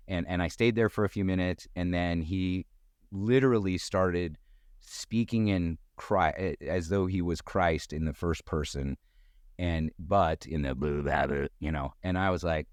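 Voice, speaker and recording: A middle-aged man telling a personal story in casual conversation, acting out quoted voices with sudden jumps in pitch. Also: a little slow, darkish tone, clean tone, dry recording, studio quality. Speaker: guest storyteller.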